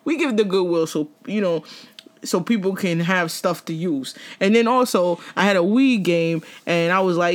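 A woman co-hosting a casual chat, loud and teasing, laughing often. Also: on the low side, normal speed. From New Jersey. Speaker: podcast co-host.

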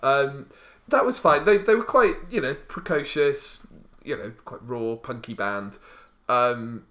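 A man's voice: mid-range voice, measured pace, a bit bright. A man hosting a casual podcast, recounting a weekend in a rambling way with many fillers. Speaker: podcast host. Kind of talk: casual chat.

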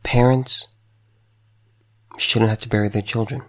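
Speaking to the camera in a low-leaning, level voice at a slightly slow pace, a man gives emotional commentary while choked up. He stammers and repeats words as he fights back tears.

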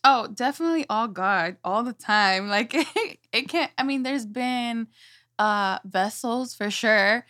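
A young woman, a mother, telling personal stories in a casual interview, animated and quick to act out her own words. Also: a little high. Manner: animated, quotes herself in lively voices. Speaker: guest, mother and church speaker.

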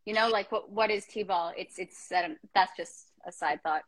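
A woman's voice: medium pitch, normal speed. A woman hosting a casual interview over a video call, chatty and filling her talk with "like". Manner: chatty, heavy use of "like". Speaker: host.

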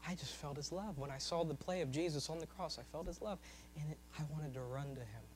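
A man preaching a sermon, swinging from loud, high-pitched emphasis to soft, low asides. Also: quick pace, slight background noise, rough recording.

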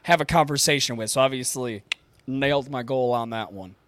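A man's voice: medium pitch, a little fast, a bit bright, slight background noise. A man from Michigan's Upper Peninsula with a Yooper accent, co-hosting a casual podcast in a joking, teasing, profane way. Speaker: podcast co-host, voice actor. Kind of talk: casual chat.

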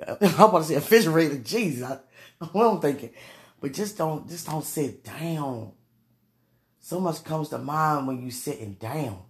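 Woman with a gravelly voice, giggly and gushing, for casual vlog talk and prayer. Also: sits low. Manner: giggly, gushing, breathless exclamations.

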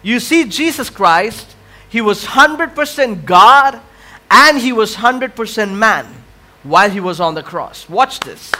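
A male pastor in full sermon mode, his voice pitched high and bright with a ringing edge. He takes his time, drawing the congregation in with questions and call-and-response, then swells into loud impassioned cries before dropping low and quiet again. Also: lively intonation, takes it slowly.

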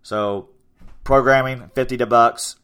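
A man's voice: medium pitch, steady tone, measured pace, fairly bright tone, clear, resonant tone. A young man in his twenties, hosting a casual podcast chat about his gym, rambling and upbeat. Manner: rambling, upbeat, self-promoting. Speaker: podcast host and gym owner.

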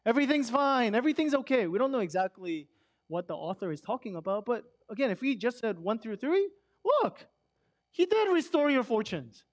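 Guy preaching, pretty high voice, chatty and punchy, drops to near quiet sometimes. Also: sing-song, fairly quick. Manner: conversational, emphatic with swings from loud to hushed. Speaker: pastor. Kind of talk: sermon.

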